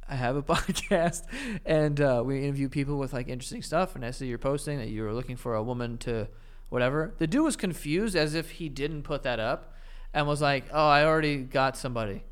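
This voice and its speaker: A man co-hosting a podcast in casual chat, laid-back and joking, quick to laugh. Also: mid-range voice, clean tone. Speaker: podcast co-host.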